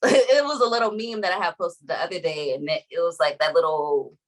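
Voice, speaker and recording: A young woman with a slightly low voice, talking in a loose, chatty way. She strings her stories together with lots of "like", laughing easily as she goes. She sounds like a podcast guest telling stories about her life. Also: low-quality recording. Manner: chatty storyteller, heavy use of "like", quick laughs. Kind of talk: casual chat.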